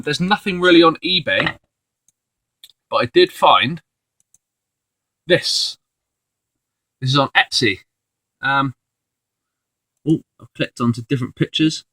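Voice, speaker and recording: A man chatting loosely at his desk in front of a computer screen, drifting through ums and restarts as he shows off his resale finds. The sound is close and dry, with no room echo. His pitch sits at an ordinary middle height. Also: pushed and bright. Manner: rambling, with many fillers and restarts. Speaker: reseller vlogger. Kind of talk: casual video commentary.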